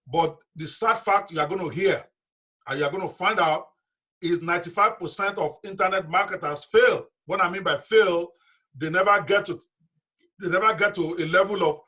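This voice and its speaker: A man's voice: high voice, pushed and bright. A man leading a live online business seminar, talking directly and emphatically to his audience over a video call.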